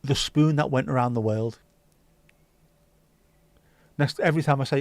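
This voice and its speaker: A man's voice: mid-range voice, moderate pace, long pauses, a little mellow, no echo. A man hosting a casual livestream, chatty and jokey as he reacts to chat messages. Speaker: livestream host.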